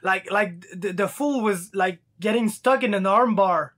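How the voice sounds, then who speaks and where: A man's voice: sits high, measured pace, a bit bright. A man hosting a podcast, chatting in a laid-back, chummy way with plenty of swearing. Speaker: podcast host. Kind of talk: casual interview chat.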